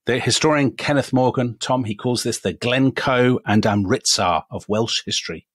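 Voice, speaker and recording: A man's voice: medium pitch, moderate pace, fairly bright tone, slightly rough, dry recording. An English man co-hosting a history podcast, telling a story in a chatty, self-deprecating way with many asides. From England. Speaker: podcast co-host.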